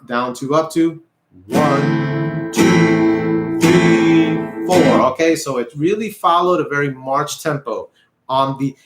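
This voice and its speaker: A man's voice: a little high, fairly bright tone. Patient man teaching guitar, echoey room. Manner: patient, repeats himself, counts beats aloud. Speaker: music teacher. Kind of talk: online guitar lesson. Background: guitar playing.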